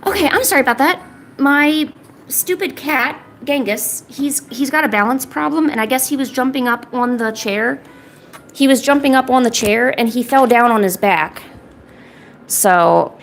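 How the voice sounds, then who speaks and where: High-voiced woman cooing to her cats. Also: moderate pace, slight background noise. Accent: American. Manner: coos to her cats in a high baby-talk voice. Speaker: art streamer. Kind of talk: casual live-stream chat.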